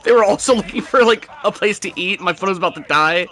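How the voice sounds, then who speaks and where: Bright-voiced rambling young gamer guy. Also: high-pitched, fast. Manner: rambling, profane storytelling with laughs. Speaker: gamer chatting with friends. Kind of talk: casual gaming chat.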